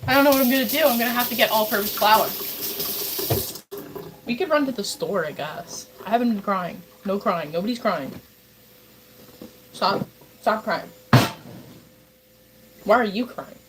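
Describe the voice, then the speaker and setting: A woman's voice: mid-range voice, lively intonation, moderate pace, long pauses, noisy background. A woman livestreamer chatting casually with her viewers as she bakes, rambling and talking straight to her chat. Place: home kitchen.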